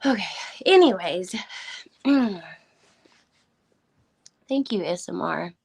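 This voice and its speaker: A woman's voice: fairly low pitch, lively intonation, slow pace, vocal fry, a little mellow, breathy edge. A woman hosting a casual livestream who is holding back tears. She thanks viewers by name, and her voice often drops to a whisper. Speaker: livestream host. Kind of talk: casual live-stream chat.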